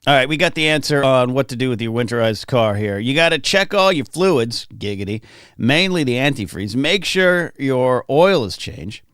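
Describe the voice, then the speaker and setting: A man chatting his way through a morning livestream from home, rambling easily and reading viewer comments aloud. His voice sits at an ordinary middle pitch. The recording is dry and close, with almost no room sound. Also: animated, fairly quick, fairly bright tone, clear, resonant tone, no room sound. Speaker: livestream host. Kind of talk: casual livestream chat. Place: home, in California.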